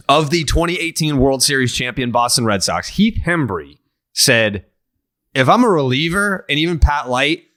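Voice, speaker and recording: A man's voice: medium pitch, fairly bright tone. A man hosting a podcast, ranting profanely and with heat in casual chat. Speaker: podcast host.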